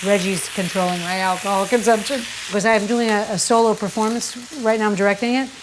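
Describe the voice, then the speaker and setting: A woman hosts a cooking show from a kitchen in a casual, running patter. Her voice sits in a middle register, and she is frank and quick to poke fun at herself. Faint sizzling from the pan comes through behind her. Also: medium pitch, steady tone, noisy background. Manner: chatty, candid and self-mocking, with sudden exclamations.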